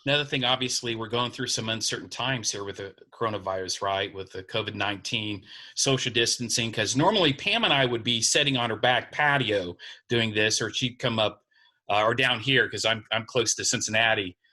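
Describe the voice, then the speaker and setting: A man's voice: lowish voice, brisk, sharp tone. A man with an Ohio accent co-hosting a casual interview, asking friendly questions and teasing his guest lightly. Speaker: co-host. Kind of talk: casual video-call interview.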